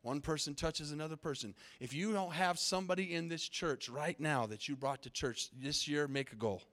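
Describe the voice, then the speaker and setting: A man's voice: fairly high pitch, normal speed, a bit bright. A middle-aged man preaching a sermon as pastor from the pulpit, emphatic, with call-and-response to the congregation. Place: church sanctuary.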